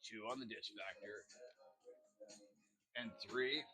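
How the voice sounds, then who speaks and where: Music plays under a man's fairly low voice as he takes his time chatting while cooking. The home video has the loose, rambling feel of a vlogger, with lots of fillers and side comments.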